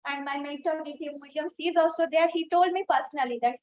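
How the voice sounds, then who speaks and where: Woman, high voice, emotional thank-you speech, muffled lo-fi video call audio. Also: fast, hardly any pauses. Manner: warm, effusive and emotional, with many fillers. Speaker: area leader closing a club meeting. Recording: dull lo-fi video call recording.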